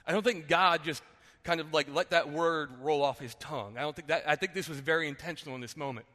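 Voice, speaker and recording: A man's voice: on the high side, fast talker, sharp tone, long reverb tail. A male pastor giving a sermon in a conversational way, often saying "like" as he explains. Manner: conversational, often says "like" and restarts.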